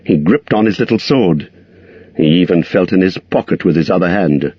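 A man narrating a storybook in a measured, expressive reading. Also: low-pitched, husky, no room sound, dull audio. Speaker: audiobook narrator.

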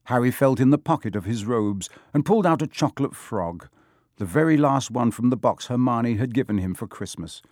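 A man narrates a storybook audiobook from a script in an even, measured manner. His voice is mid-range, and the studio-quality recording has no room sound.

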